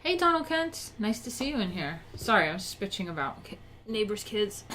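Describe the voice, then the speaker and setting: A woman's voice: medium pitch, big pitch swings, brisk, fairly bright tone, a little hiss or hum, rough recording. A woman in her thirties hosts a casual live stream from her home office, with a middle-of-the-range voice. She talks bluntly, swears freely and rants like she's chatting with friends.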